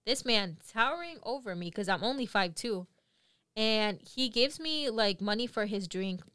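A young woman co-hosting a podcast, telling work stories in casual chat, animated and laughing often. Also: fairly high pitch, moderate pace, clean tone, no echo, clean studio sound. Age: young adult. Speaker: podcast co-host.

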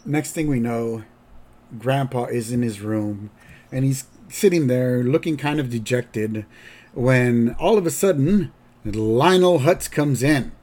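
Guy on a podcast rambling through an episode recap, mid-pitched voice, lots of restarts. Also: darkish tone. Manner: rambling, halting, with fillers and restarts. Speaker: podcast host.

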